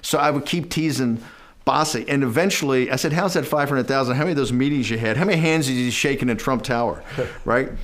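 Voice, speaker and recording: A man's voice: mid-range voice, a little fast. A middle-aged man telling a long anecdote in a documentary interview, acting out bits of dialogue and often restarting his sentences.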